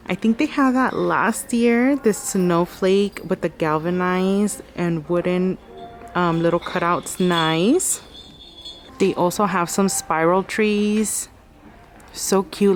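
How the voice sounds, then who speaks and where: A woman's voice: lowish voice, slow, a little hiss or hum. A woman vlogging in a craft store, gushing over decorations and reading out signs and prices. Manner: gushing, chatty, reads out sign text and prices. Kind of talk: casual store walkthrough vlog. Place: inside a large craft store.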